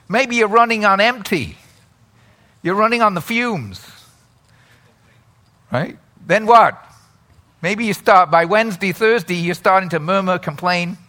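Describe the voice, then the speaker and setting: A man's voice: high-pitched, bright, forceful tone. A man preaching a sermon in a chatty way, asking the congregation questions and laughing often. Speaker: pastor.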